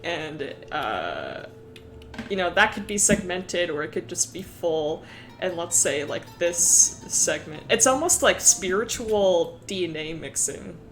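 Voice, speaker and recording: Woman streamer, laid-back pace, expressive pitch, profane and giggly. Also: takes it slowly, soft background music. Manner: profane, laughing, rambling. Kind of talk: casual live-stream worldbuilding chat.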